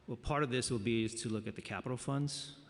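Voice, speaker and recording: A man's voice: mid-range voice, fast talker. A man testifying at a budget hearing, hesitant and hedging, with many fillers. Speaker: city agency official testifying. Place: large council chamber. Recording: long chamber reverb.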